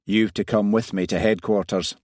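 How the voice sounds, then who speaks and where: A man voicing a brisk, offhand male detective inspector. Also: fairly low pitch, fairly even intonation, darkish tone, dry recording, studio quality, close to an everyday voice.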